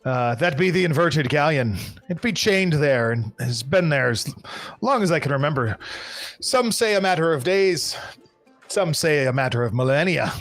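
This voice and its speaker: A man's voice: on the high side, lively intonation, normal speed, fairly bright tone, faint music behind. A man doing a jolly skeleton bartender. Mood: jovial. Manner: chatty, speaks old pirate dialect. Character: jovial male skeleton bartender, barrel-chested, pirate talk.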